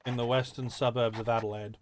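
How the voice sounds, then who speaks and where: A man hosting a casual gaming chat, telling stories with animated repeats. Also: mid-range voice, fast, background noise. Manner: animated storyteller, repeats phrases.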